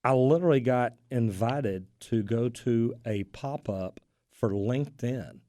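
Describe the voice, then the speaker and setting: A man's voice: mid-range voice, a little slow, dark tone, no room sound. Guy on a radio talk show, plumber, tells stories and does little quotes, mid voice, dead dry studio sound. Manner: easygoing storyteller, acts out quoted dialogue. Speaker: plumbing business owner and radio show host. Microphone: studio microphone.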